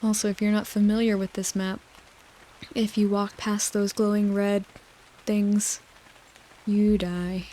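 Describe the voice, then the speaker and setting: A woman in her twenties rambling gently into a close microphone as a sleep-aid video voice-over, meandering and quiet. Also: mid-range voice, level tone, a little slow, long pauses. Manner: gentle, meandering, with frequent "like" fillers. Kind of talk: soft-spoken sleep rambling over gameplay.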